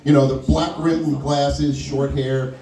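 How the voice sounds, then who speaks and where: A man performing stand-up, telling a story in an animated way and acting out the other people's lines. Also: mid-range voice, takes it slowly. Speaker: stand-up comedian. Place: small wine lounge stage. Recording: echoey room with mic far off, crowd audible. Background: audience laughter and crowd chatter.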